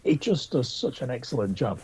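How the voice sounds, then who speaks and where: Mellow, husky-voiced man talking films. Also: medium pitch, very animated, brisk, low-quality recording. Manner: enthusiastic, hesitant, with many restarts. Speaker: podcast co-host. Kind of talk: casual pop culture chat.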